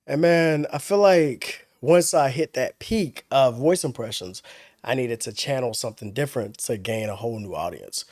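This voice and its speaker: A young man telling stories in casual chat as a podcast guest, relaxed and full of slang. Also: mid-range voice, normal speed, dry recording, studio quality. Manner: laid-back slang-heavy storytelling, laughs often.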